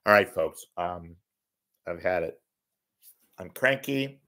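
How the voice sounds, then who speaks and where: A man hosting his own show, delivering a blunt, sarcastic, combative rant that swings between low mutters and loud outbursts. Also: expressive, takes it slowly. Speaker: media commentator host. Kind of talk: ranting monologue.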